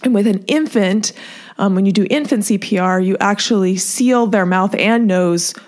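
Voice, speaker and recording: A woman in her thirties recounts a personal story as a heartfelt testimony. She speaks earnestly and reflectively, at a medium pitch, and now and then sinks to a soft near whisper. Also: moderate pace. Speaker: mother sharing a personal story.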